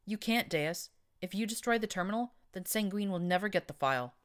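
A woman's voice: mid-range voice, animated, fairly quick, pitched above the performer's own voice, close to an everyday voice. A woman voicing a scrawny, nervous young stallion who whines and mutters anxiously. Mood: pleading.

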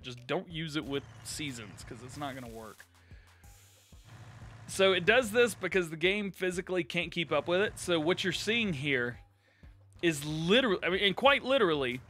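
A man's voice: fairly high pitch, sharp tone. A man hosting a live gameplay stream, giggling constantly and reading chat messages aloud in a giddy, casual way. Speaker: livestream gaming host.

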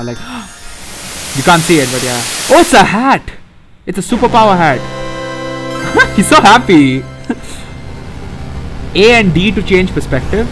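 A young man hosting a let's play, reacting excitably and profanely to a puzzle game as he plays. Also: high voice. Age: young adult. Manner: excitable, profane, often laughing. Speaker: gaming channel host.

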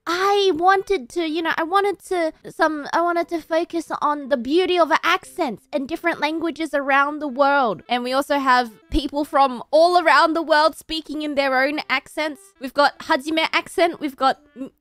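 A young woman hosting a party game, explaining the rules quickly and loosely with laughs. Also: sits high, steady tone, fairly bright tone, dry recording, faint music behind. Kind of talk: casual stream chat.

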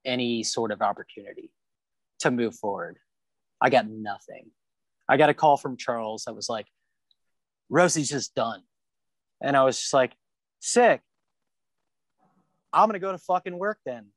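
In a dry recording, a man with a medium-pitched voice talks as a guest on a laid-back podcast. He's a rollerblader sitting on a porch in Kansas City, and his manner is blunt, full of swearing and filler words.

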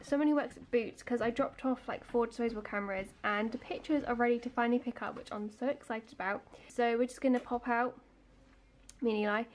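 A young woman in her twenties chatting casually to camera in a vlog, giggly and full of fillers. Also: a little high. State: a little out of breath. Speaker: vlogger. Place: home, indoors.

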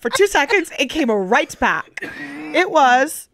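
A young woman co-hosting a podcast, telling a story in casual chat, animated and swearing freely as she acts out her own reactions. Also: high-pitched, takes it slowly. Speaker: podcast co-host.

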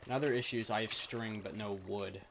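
A man's voice: fairly low pitch, fairly even intonation, quick pace, fairly bright tone, slight background noise. A man giving casual commentary on his own game, narrating what he does in a matter-of-fact way. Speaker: gaming commentator. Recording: clear keyboard clicks behind the voice.

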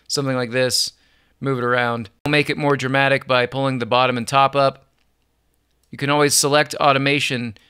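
A man giving an upbeat, relaxed music production software tutorial, chuckling now and then as he explains. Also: medium pitch, smooth. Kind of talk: screen-recorded software tutorial.

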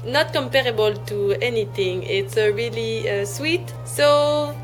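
A waitress explaining a dessert to guests in a restaurant, friendly and hesitant with many pauses. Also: female voice, fairly high pitch, faint music behind.

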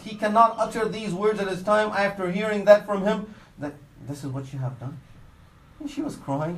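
Earnest preacher man, fairly high voice. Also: reverberant, poor audio. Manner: earnest, quietly dropping his voice for the sad parts of the story; mixes Arabic religious phrases into his English. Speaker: Islamic preacher. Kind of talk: sermon storytelling.

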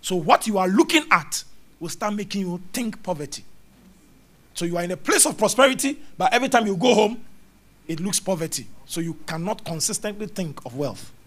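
Male preacher, high and animated, acts out scenes with voices and sound effects. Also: brisk. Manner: animated, mimics voices and sounds, laughs and shouts. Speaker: prophet preaching. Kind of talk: lively charismatic sermon.

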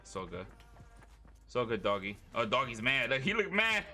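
A man's voice: mid-range voice, big pitch swings, normal speed, pushed and bright, soft background music. A young man streaming a game live, chatting casually and profanely with his viewers and a teammate. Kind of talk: live gaming stream chat.

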